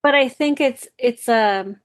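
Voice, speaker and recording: Woman podcast host, somewhat high-pitched, thoughtful and halting, feels her way through questions. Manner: hesitant, searching for words. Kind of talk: conversational interview.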